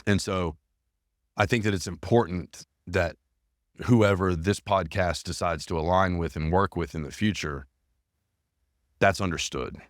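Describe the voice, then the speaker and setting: Deep-voiced earnest male podcast host. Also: a little slow, pauses often, no echo, studio quality. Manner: earnest and emphatic, repeats phrases. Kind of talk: casual podcast conversation.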